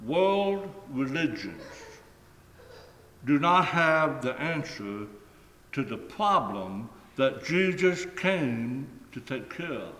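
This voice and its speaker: A man's voice: mid-range voice, big pitch swings, fairly bright tone. Emphatic male preacher in an echoey hall. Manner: deliberate, emphatic, drawn-out phrases that fall away at the ends. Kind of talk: sermon. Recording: echoey hall with long reverb.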